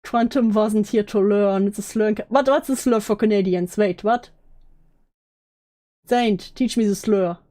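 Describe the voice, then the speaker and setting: A woman's voice: mid-range voice, measured pace, dark tone. Sarcastic woman drama commentator. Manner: dry, sarcastic asides with laughs. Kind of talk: casual commentary.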